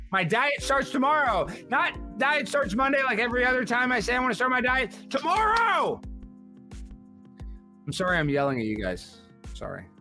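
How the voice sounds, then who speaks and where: A brash man hosting a casual livestream, reading viewer messages and breaking into sudden yelling outbursts. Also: a little high. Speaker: livestream host.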